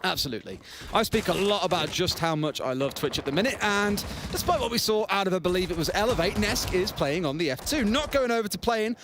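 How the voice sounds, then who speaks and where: A man casting a live esports match, chatty and excitable, with event music playing behind him. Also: sits high, fast, background noise. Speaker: esports caster. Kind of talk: play-by-play commentary. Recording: broadcast with loud music behind.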